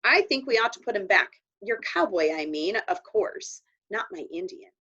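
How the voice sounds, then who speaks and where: A woman's voice: medium pitch, lively intonation, normal speed, pushed and bright, breathy edge. A woman reading aloud voices an anxious, cheeky young boy in a raised, earnest voice. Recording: dull lo-fi recording.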